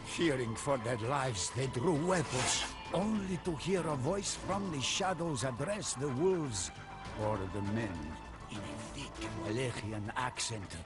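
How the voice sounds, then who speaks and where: A man narrating a game cutscene as a commander recounting a journey, in a measured storytelling manner. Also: medium pitch, animated, natural voice. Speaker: campaign narrator. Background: orchestral music.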